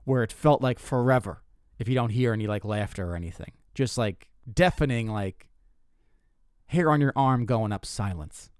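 A young man hosting a podcast, telling a comic story in a casual, animated way, stumbling and restarting often. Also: normal speed, clear, resonant tone, no echo, studio quality. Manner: animated, self-interrupting, swears, jumps pitch for quoted lines. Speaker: comedian podcast host.

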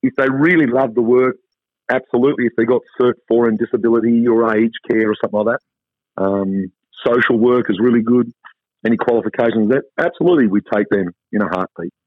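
A man's voice: mid-range voice, steady tone, a little fast, no echo. Australian man on a tinny phone line. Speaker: travel company guest. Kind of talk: phone interview.

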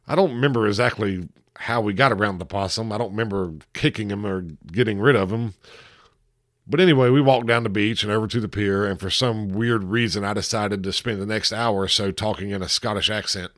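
Male podcast host, low easygoing voice, dry close sound. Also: brisk, fairly bright tone, no echo. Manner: laid-back, conversational. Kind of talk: casual storytelling.

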